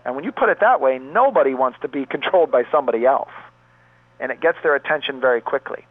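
A man's voice: mid-range voice, animated, fast talker, no echo. A man who runs a pain therapy clinic, earnestly telling a long story from his practice as an interview guest. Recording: dry, tinny phone line.

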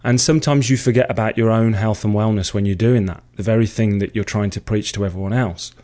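A man's voice: lowish voice, fairly even intonation, fast talker, warm tone. A man in his thirties from England with an English accent, talking enthusiastically and earnestly as a guest in an interview, still a bit out of breath. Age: 30s. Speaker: guest, personal trainer.

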